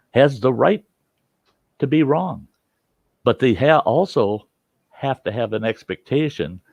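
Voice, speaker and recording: A man's voice: mid-range voice, vocal fry, no echo, lo-fi sound. A man from the United States hosting a talk show, arguing insistently and repeating his points. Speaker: host. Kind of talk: heated casual debate.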